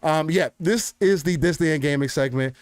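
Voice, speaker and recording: A man in his twenties co-hosting a casual gaming podcast, joking and animated. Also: on the high side, moderate pace, no room sound. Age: 20s. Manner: animated, joking, drifts into announcer voice. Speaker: podcast co-host.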